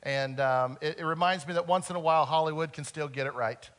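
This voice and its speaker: A man preaching a sermon earnestly, swinging between loud emphasis and soft, quiet moments. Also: on the high side, a little fast. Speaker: pastor.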